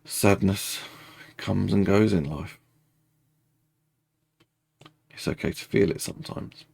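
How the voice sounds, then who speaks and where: Low husky guy walking you through a tapping meditation, repeats the same calm affirmations over and over. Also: no room sound. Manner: slow, repetitive first-person affirmations. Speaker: meditation guide.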